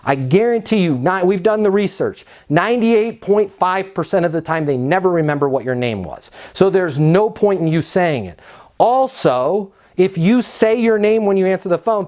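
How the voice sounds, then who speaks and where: A middle-aged man giving an energetic, emphatic sales training talk, sometimes acting out both sides of phone calls. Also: sits high, normal speed. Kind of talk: instructional talk with role-played phone calls.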